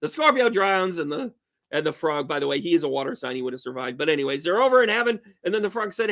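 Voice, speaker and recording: High-voiced, exuberant male tarot reader. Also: very animated, fast, fairly bright tone. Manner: exuberant, joking, blunt, swears casually. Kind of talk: casual tarot reading video.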